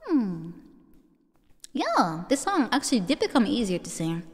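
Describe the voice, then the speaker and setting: Giggly Dutch-accented woman streamer, high voice. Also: big pitch swings, a little slow. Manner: giggly, teasing, self-mocking. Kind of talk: casual chat with live chat. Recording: long reverb with faint music behind.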